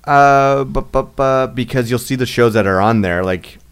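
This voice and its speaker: A man's voice: medium pitch, moderate pace, clear, resonant tone. A man co-hosting a podcast, chatting casually with plenty of fillers and restarts. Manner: rambling, filler-heavy. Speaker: podcast co-host. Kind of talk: casual chat.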